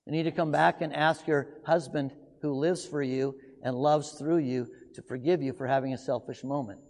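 Man, preacher, emphatic sermon, rhetorical questions, loud then hushed, echoing hall. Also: a little high, fairly even intonation, moderate pace. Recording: long hall reverb.

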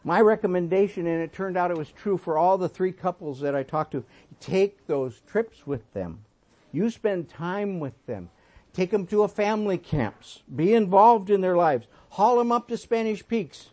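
A man in his sixties preaching a sermon, telling folksy stories and swinging between emphatic points and soft asides. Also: sits high, animated, moderate pace. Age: 60s. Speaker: pastor.

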